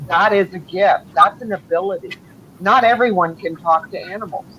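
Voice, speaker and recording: A woman's voice: on the low side, moderate pace, sharp tone, slight background noise, poor audio. A woman guest talking earnestly in a casual chat.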